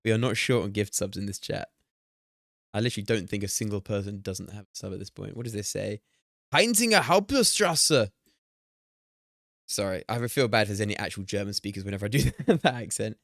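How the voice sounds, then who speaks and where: A man in his twenties streaming casually, excitable, swearing and chatting to his viewers. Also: fairly low pitch, fast talker, gravelly, no echo, clean studio sound. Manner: excitable, swears and laughs often, talks to chat. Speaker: streamer hosting a watch party. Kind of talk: casual live-stream chat while playing a guessing game.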